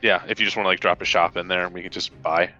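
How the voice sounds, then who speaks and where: A man playing in a tabletop game, relaxed and joking with the group. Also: sits low, racing, muffled recording, soft background music. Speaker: player. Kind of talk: casual tabletop play.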